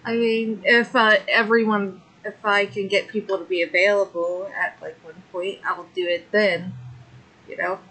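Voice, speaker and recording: Bright-voiced giggly woman gamer. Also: medium pitch, level tone, moderate pace, poor audio. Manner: giggly, laughs often. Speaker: streamer and tabletop player. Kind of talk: casual chat.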